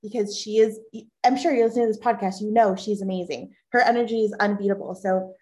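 A woman's voice: medium pitch, steady tone, fast talker, darkish tone. A woman lawyer guesting on a podcast, emotional and grateful at first, then explaining business law plainly. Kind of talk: casual podcast interview.

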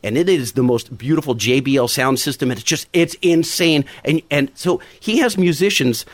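A man's voice: a little high, normal speed, dry recording. A man telling a long, rambling story from home in a casual podcast chat. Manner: rambling, goes off on tangents. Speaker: podcast guest. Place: home recording.

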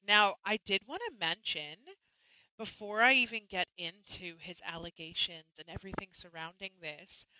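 A woman's voice: on the low side, normal speed, background noise. A woman hosting a live chat show, talking casually and chattily, often restarting and apologizing. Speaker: host.

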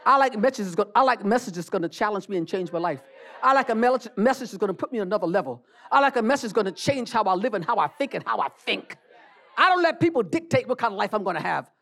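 A fast-talking preacher with an expressive, mid-range voice gives a fiery sermon in church, repeating lines, urging the congregation to respond and breaking into shouts.

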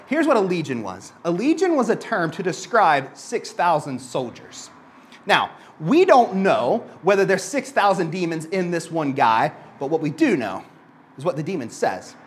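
A man with a high voice gives a sermon in a relaxed, conversational manner. He keeps dropping in "like" and repeats words as he restarts his thoughts. When he reads scripture he slows down and lowers his voice. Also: slight background noise. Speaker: preacher.

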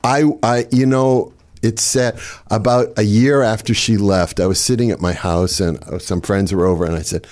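A man's voice: lowish voice, fairly even intonation, normal speed, darkish tone. Older man telling wry family anecdotes. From Boston area. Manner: wry, anecdotal, laughs at own jokes. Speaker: comedian guest. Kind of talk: storytelling interview.

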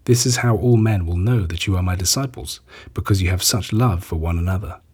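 Jesus as a calm, solemn teacher, as a man reading scripture gives his words. The voice is deep, dark and very husky. The speech is measured and grave, in a plain storybook reading.

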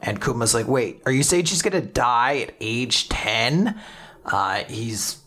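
A man co-hosting a casual chat podcast, recapping a story with lively acted-out quotes and frequent laughter. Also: medium pitch, unhurried. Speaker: podcast co-host recapping manga.

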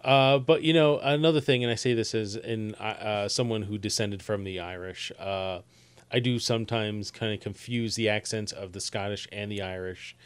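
A man's voice: on the low side, steady tone, clean tone. Chatty New man. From New Jersey. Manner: chatty, quick to laugh at his own jokes. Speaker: podcast co-host. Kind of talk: casual chat.

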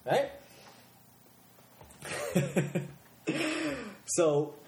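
A man's voice: a little high, lively intonation, extremely slow. A man on a podcast telling a crude story in a loose, rambling way, sitting too far from the mic. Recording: roomy with faint background noise.

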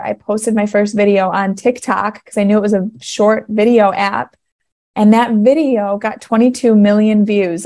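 A woman's voice: medium pitch, darkish tone. A woman in her thirties hosting her own faith podcast, telling her story in a casual, earnest way and getting emotional as she talks. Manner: emotional, earnest, laughing through tears. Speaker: podcast host.

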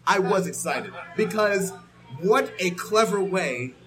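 A man in a casual comedic debate, arguing with animated exclamations. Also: high-pitched, takes it slowly, faint music behind, rough recording. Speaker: debate participant.

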